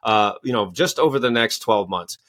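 A man's voice: lowish voice, normal speed, fairly bright tone. Enthusiastic male coach telling stories. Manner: enthusiastic, storytelling, acts out quoted voices. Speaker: guest, executive coach and author. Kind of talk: animated interview answers.

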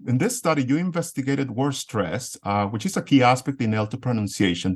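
A man hosting a podcast, formally introducing his guests and asking measured interview questions. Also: mid-range voice. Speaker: podcast host.

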